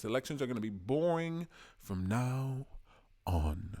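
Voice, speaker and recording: Excitable man, lively voice. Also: medium pitch, measured pace. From Canada. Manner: excitable, rambling, peppers talk with "man". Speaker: political commentary vlogger. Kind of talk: casual rambling commentary.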